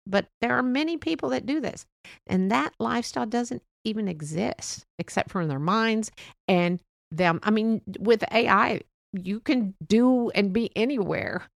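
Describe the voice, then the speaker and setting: Middle-aged lady with some vocal fry giving a chatty, gentle pep talk about faith, dry close sound. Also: mid-range voice, no echo. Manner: gentle, reassuring, chatty with soft laughs. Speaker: podcast host. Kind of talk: faith-based motivational talk.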